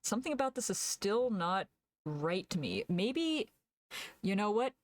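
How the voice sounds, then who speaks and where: A woman's voice: mid-range voice, sing-song, unhurried, no room sound. A young woman streamer chatting casually while she draws, laughing often and answering her chat aloud.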